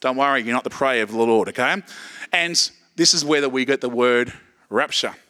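A man's voice: medium pitch, normal speed, pushed and bright. A middle-aged Australian man preaching a sermon in a casual, joking way, checking in with "okay" often. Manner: casual, joking, lots of okays and restarts. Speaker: pastor.

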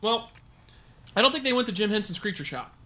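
Animated man chatting about old toys. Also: sits high, a little fast. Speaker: podcast co-host. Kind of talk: casual chat about toys.

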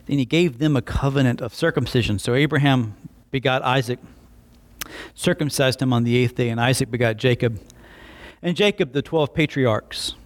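A man preaching a Bible-teaching sermon in an animated way, acting out quick voices for emphasis. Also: mid-range voice.

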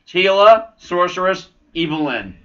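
A man's voice: sits high, very animated, measured pace, lo-fi sound, very noisy. A man hosting a casual podcast chat, joking as he reads out listener messages. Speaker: podcast host reading listener comments.

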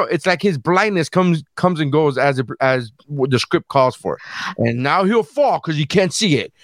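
A man co-hosting a casual podcast, telling stories in an animated way and swearing freely. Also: fairly high pitch, no room sound. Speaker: podcast co-host.

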